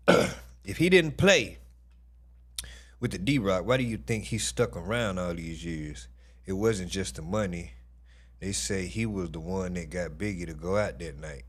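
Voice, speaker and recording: Husky, lively-voiced man. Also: low voice. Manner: animated, profane, full of exclamations. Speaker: livestream commentary host. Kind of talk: casual reaction commentary.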